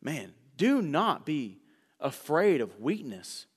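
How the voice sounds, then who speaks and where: A man preaching a sermon in a church sanctuary, a self-described fast talker who slows down for emphasis and swings from loud bursts to hushed asides. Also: a little high, big pitch swings, slightly rough. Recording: echoey church hall reverb.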